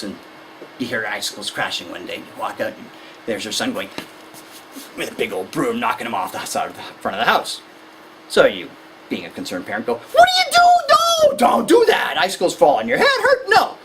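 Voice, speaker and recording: A woman lecturing a room of parents, acting out kids and parents in high, playful voices. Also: slight background noise, low-quality recording. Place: lecture hall.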